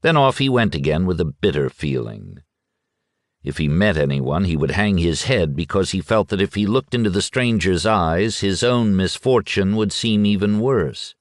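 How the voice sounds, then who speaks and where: A man narrating an audiobook in a measured, sombre storytelling manner. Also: sits low, expressive, no room sound, studio quality. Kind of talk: scripted literary narration.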